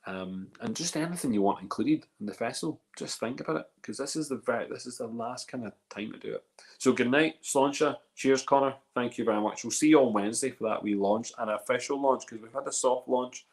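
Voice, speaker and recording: A man's voice: medium pitch, fairly quick. A Northern Irish man hosting a whisky festival live stream, chatting casually and rambling, often repeating words. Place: live video call.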